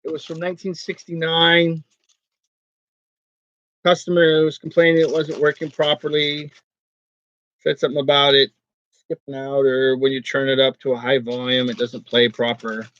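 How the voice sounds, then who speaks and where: Rambling, joking man with a high voice. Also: flat delivery, a bit bright. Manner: rambling, joking, quick to laugh. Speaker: online reseller vlogger. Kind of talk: casual rambling vlog chat. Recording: dull, lo-fi, dry sound.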